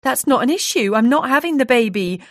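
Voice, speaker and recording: An anxious, tearful young woman talks fast and strained, her voice lifting well above its usual place, voiced by a woman reading an audiobook. The sound is dry and close to the mic. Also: sits high, expressive, dry recording, voice pushed up. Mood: insistent. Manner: raised, insistent, emotional.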